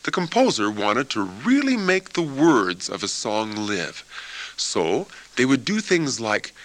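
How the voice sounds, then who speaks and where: A man teaching a music lesson for children, with an expressive, playful way of explaining. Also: mid-range voice, takes it slowly. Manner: expressive, playful, imitates chicken sounds. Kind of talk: classroom lesson narration.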